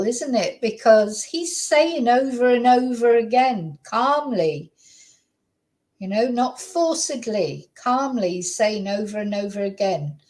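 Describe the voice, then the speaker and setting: A woman hosting a true crime channel, talking casually and reacting in an animated, incredulous way, often repeating herself. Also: on the high side, poor audio. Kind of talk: reacting to played clips, casual commentary.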